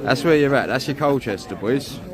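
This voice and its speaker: A man's voice: medium pitch, lively intonation, moderate pace. A man vlogging casually in a town street, blunt, sweary and rambling, filmed on a handheld phone. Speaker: vlogger filming a protest. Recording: noisy crowd outdoors.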